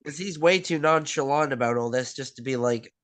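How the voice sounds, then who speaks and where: Man, relaxed rambling co-host, dry close sound, medium pitch. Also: a little fast, dry recording. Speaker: podcast co-host. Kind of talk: casual chat with friends.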